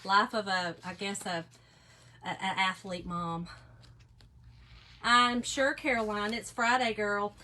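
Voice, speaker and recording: A woman's voice: medium pitch, steady tone, takes it slowly, pauses often, sharp tone. A woman, chatting casually as she hosts a live craft demo and answers viewer comments. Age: 40s. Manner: chatty, reads out viewer comments, laughs often. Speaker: craft live stream host.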